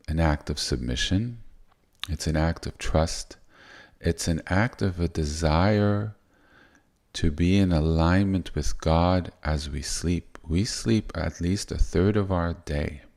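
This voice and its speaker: A man giving soft-spoken, unhurried spiritual teaching, often restarting his sentences. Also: low voice.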